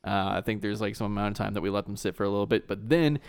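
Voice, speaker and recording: Casting: man, lowish voice, chatty podcast co-host who rambles through explanations. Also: racing, gravelly, smooth. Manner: explains at length with fillers and restarts. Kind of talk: casual chat.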